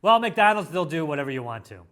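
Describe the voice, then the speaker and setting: A man's voice: on the high side, very animated, quick pace, a bit bright, soft background music. A man hosting a food review show, talking in an enthusiastic, jokey, playful way. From United States. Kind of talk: casual food review chat.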